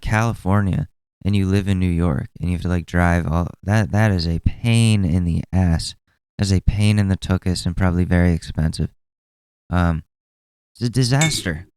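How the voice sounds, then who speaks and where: A man's voice: sits low, dark tone, clean tone, no echo. A man in his twenties hosting a solo podcast, rambling and exasperated, swearing freely as he talks. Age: 20s. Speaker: podcast host. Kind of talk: casual solo commentary.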